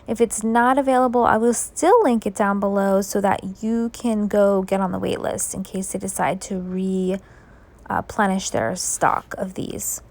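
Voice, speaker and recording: A woman's voice: medium pitch, steady tone, measured pace, a little mellow. A woman, sleepy and yawning, chatting through a rambling, filler-heavy late-night craft voiceover. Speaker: scrapbooking video creator. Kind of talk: casual voiceover narration. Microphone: voice-over.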